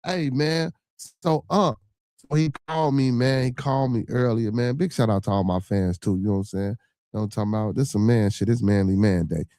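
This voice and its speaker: Male podcast host, low mellow voice, loose and profane, constant fillers, dry close mic. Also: fast talker, no echo. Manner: rambling, profane, full of shout-outs and fillers. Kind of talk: casual livestream chat.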